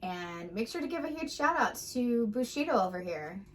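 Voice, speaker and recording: A woman's voice: fairly high pitch, sing-song, normal speed, slight background noise. A woman in her late thirties co-hosting a casual movie reaction chat, talking with many fillers. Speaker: co-host.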